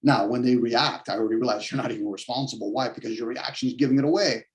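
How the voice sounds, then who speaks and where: A man's voice: medium pitch, fairly even intonation, fast talker. A man on a podcast giving a blunt, combative rant, swearing heavily and mocking the objections he imagines from others. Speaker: podcast host. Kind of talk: profane philosophical rant.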